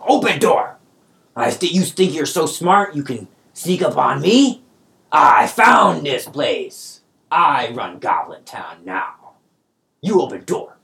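A man voicing a brutish, bullying fat male goblin sumo boss who talks in gruff broken speech. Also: fairly high pitch, very animated, slow pace, a bit bright, pitched above the performer's own voice, heavily acted. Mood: bossy.

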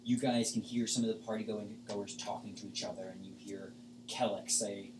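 A man's voice: fairly low pitch, steady tone, moderate pace, background noise. A man narrating a tabletop game as game master, casual and rambling with many fillers. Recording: echoey room, far from mic.

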